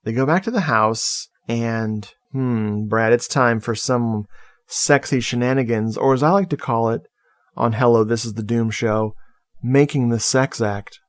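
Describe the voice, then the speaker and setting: A man's voice: medium pitch, unhurried, no room sound. A man co-hosting a podcast, recapping a horror film in casual chat and laughing at his own jokes. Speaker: podcast co-host.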